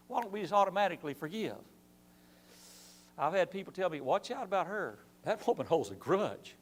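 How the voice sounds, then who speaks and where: Lively high-voiced man teaching Bible class. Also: brisk. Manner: animated preaching with rhetorical questions and acted-out quotes. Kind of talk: church Bible class lesson. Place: church.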